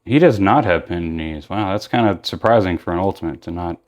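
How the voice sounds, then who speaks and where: A man's voice: deep voice, brisk, darkish tone. A tired man chatting casually through a toy unboxing, rambling with lots of fillers and self-corrections. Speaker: toy reviewer.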